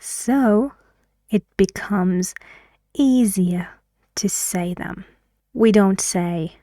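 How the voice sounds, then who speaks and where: A woman's voice: mid-range voice, very slow, pauses often, mellow, no echo. A woman teaching an English pronunciation lesson in a patient way, asking learners questions as she explains.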